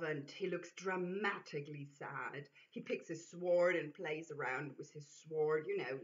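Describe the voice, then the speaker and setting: Brief: woman reading a comedy script, slow, bright tone, lo-fi. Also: low-pitched. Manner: slow, musing with fillers. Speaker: reader. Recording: dull lo-fi recording.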